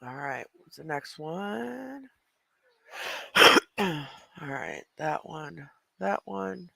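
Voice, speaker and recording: A man's voice: a little high, very animated, extremely slow, creaky, long pauses, sharp tone, no echo. A man hosting a reaction video, chatting casually and talking straight to his viewers. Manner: chatty, addresses viewers directly.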